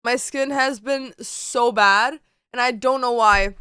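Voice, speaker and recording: A woman streamer chatting casually to her viewers at home, expressive and slangy, full of "like". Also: fairly high pitch, slow pace, smooth, no echo, clean studio sound. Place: home bedroom.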